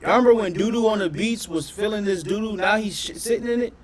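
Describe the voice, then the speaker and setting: A man doing casual reaction commentary on his channel, talking in an animated, profane way and often questioning his audience. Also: high voice, quick pace. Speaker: reaction streamer.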